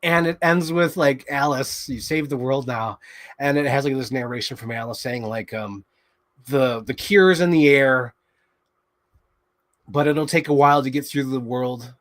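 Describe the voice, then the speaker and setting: A man hosting a show, excitedly rambling through a movie recap in casual chat, swearing freely. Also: medium pitch, normal speed. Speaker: show host.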